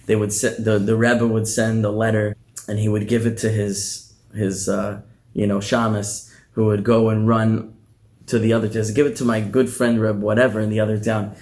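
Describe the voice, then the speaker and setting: A man, a rabbi teaching a class, telling a story in a conversational, animated way with many restarts. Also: fairly low pitch, normal speed. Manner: animated, conversational, repeats words. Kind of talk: storytelling in a lecture.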